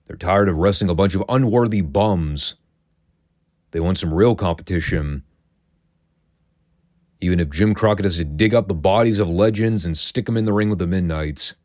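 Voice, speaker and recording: A man's voice: low-pitched, moderate pace, pauses often, a little mellow, no room sound, clean studio sound. A man hosting a casual solo recap show, telling the story in a chatty, wry, opinionated way. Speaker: wrestling recap host.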